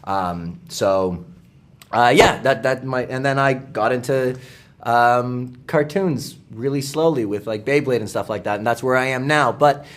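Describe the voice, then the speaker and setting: A man who works as a voice actor, talking casually at a fan convention, animated, laughing often and acting out the people he quotes. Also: medium pitch, a little slow. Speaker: voice actor guest. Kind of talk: casual storytelling interview.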